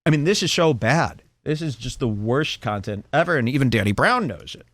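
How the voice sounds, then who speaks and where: A man's voice: medium pitch, animated, a little fast, hardly any pauses, a bit bright, no room sound. A man hosting a mocking video commentary, sarcastic and ranting, often slipping into voice impressions. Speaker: commentary host.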